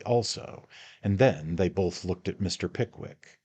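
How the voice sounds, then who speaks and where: A man reads a classic novel aloud at a measured storytelling pace. His voice is low-pitched and husky. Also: a little mellow. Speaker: audiobook narrator.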